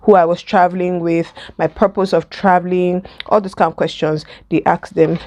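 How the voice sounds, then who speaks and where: A young woman with a Nigerian accent telling a story in a casual vlog while doing her makeup, lively and laughing often. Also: lowish voice, moderate pace, few pauses. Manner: animated, mixes in Pidgin and laughs. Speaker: vlogger.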